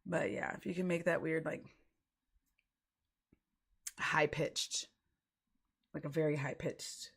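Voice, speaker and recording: A woman chats casually on a livestream, rambling from thought to thought with frequent giggles and fillers. Her voice sits low with a gravelly fry. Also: fairly even intonation, slow, long pauses, fairly bright tone. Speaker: streamer.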